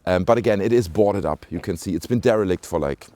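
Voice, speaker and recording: Man, British-sounding accent, casual outdoor vlog, chatty and rambling, mellow low voice. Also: fast talker, no echo. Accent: British-sounding English. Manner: rambling, chatty, many fillers and asides to viewers. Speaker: vlogger. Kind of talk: casual walking vlog commentary. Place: outdoors in a small rural village. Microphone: handheld camera mic while walking.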